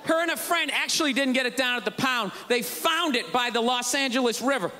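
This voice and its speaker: A male stand-up comedian ranting sarcastically on stage before a live audience, often shouting his punchlines. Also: very high-pitched, lively intonation, a little fast. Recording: live show with crowd laughter. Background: audience laughter and ambience.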